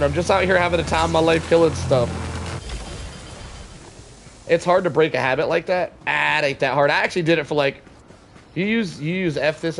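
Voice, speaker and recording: A young man streaming a game live, chatting casually with viewers, joking and swearing, with game sounds behind him. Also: fairly high pitch. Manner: chatty, reads chat aloud, swears and jokes. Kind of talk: casual live-stream chat while gaming. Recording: clear game noise behind.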